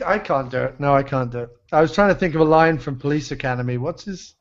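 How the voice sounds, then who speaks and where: A man's voice: fairly high pitch, quick pace, hardly any pauses. A man chatting casually as a podcast guest, rambling with lots of ums, swearing and laughing along. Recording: dull lo-fi sound.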